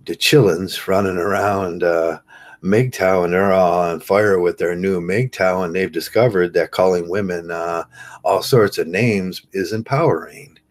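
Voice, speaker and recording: Low-voiced man rambling to camera. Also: steady tone. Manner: rambling, halting, many fillers and restarts. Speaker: channel host. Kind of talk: casual monologue to camera.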